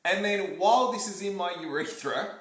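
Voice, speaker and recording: Animated Australian man telling a story. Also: high voice, moderate pace. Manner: animated, repeats himself, acts out quotes and demonstrations. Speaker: vlogger. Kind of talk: casual storytelling to camera. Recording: roomy echo.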